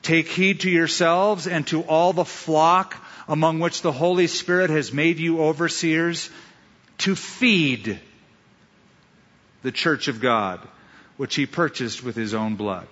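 A man preaches a sermon to his congregation, telling stories and driving points home by repeating them. His voice is bright, forceful and slightly high. The sound is a little dull and carries the long reverb of a large hall. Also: slow pace. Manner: preacherly storytelling with emphatic repetition. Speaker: pastor.

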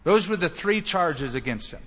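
A man's voice: on the high side, expressive, moderate pace, a bit bright, big-room sound. A man preaching a sermon as pastor, emphatic, raising his voice to act out quoted lines.

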